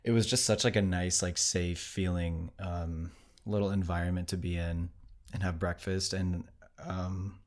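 Deep voiced american guy rambling through a travel story on a podcast, lots of likes and ums. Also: little pitch movement, a little slow. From United States. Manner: rambling, many fillers and restarts. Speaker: podcast host. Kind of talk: casual storytelling chat.

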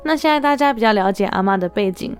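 Woman narrating a voice-over over soft music. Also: mid-range voice, expressive, fast. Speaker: podcast host. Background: faint music.

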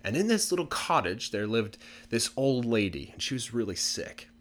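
A man casually telling a folk tale for English learners in a relaxed, chatty way with many fillers. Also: medium pitch, moderate pace. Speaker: storyteller.

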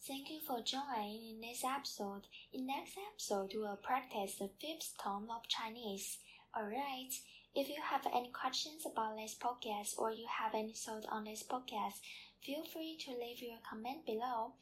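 A woman's voice: on the high side, normal speed. A woman teaching as a language teacher, leading a patient, repetitive pronunciation drill.

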